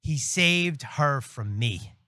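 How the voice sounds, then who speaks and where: A middle-aged man tells his story as a guest priest, acting out other voices. His pitch swings widely and his tone is bright and forward. The sound is close and dry. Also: slow pace, no echo. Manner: animated storyteller, acts out quoted voices, laughs often. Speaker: priest and military chaplain, guest. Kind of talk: casual storytelling interview.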